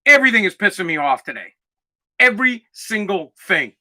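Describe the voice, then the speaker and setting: A man in his forties hosting a podcast in an aggravated, profane rant that bursts into shouting, his throat dusty so he keeps clearing it. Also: sits high, very animated, fairly quick. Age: 40s. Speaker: podcast host. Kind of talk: angry ranting monologue.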